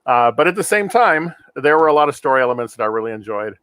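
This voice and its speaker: Male podcast host, measured casual reviewer, mid pitch, dry studio sound. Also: very animated, fairly bright tone, clear, resonant tone, no echo. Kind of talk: casual movie review chat.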